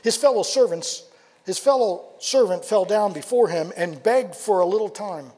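A male pastor preaching a sermon, telling a story with animated delivery, asking rhetorical questions and dropping to quiet emphasis. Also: sits high, moderate pace, slightly rough. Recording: long hall reverb.

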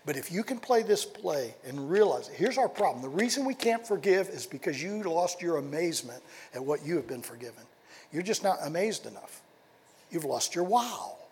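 A male pastor preaching a sermon, telling a story with animated delivery, asking rhetorical questions and dropping to quiet emphasis. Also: fairly high pitch, normal speed, a little hiss or hum. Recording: long hall reverb.

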